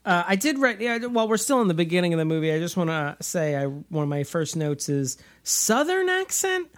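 Rambling, laughing podcast co-host. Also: male voice, high voice, big pitch swings, brisk. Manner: rambling, laughs often, self-interrupting. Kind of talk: casual movie discussion.

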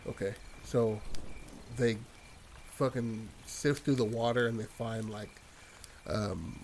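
A man's voice: lowish voice, steady tone, slow, gravelly, darkish tone, slight background noise. A man casually telling a rambling horror story idea to a friend, full of fillers and swearing. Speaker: podcast co-host pitching a horror story.

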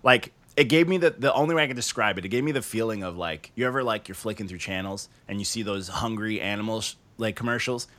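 A man's voice: on the low side, quick pace, hardly any pauses, fairly bright tone. A man hosting a casual talk show, reviewing music in a loose, joking way with plenty of swearing. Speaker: podcast host reviewing music. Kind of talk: casual chat.

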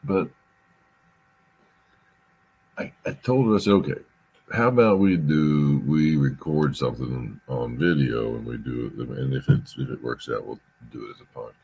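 Very deep-voiced man telling a story. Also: normal speed, gravelly, a little mellow, breathy edge. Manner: rambling storyteller, repeats words, swears. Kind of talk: casual chat.

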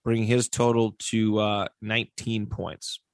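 A man hosting a casual sports podcast, reading out stats with pauses and filler words. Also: on the low side, flat delivery, no echo, clean studio sound. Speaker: podcast host.

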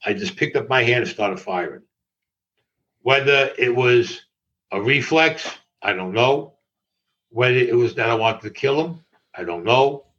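A man's voice: mid-range voice, animated, a little slow, fairly bright tone. An older man, an interview guest recounting a personal story in a matter-of-fact way and acting out other people's lines. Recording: dull lo-fi audio.

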